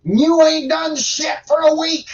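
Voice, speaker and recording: A man's voice: very high-pitched, flat delivery, unhurried, lo-fi sound, pitched above the performer's own voice. A man putting on the voice of a bossy, crude male God who drawls and scolds in a folksy, profane, condescending way. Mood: scolding.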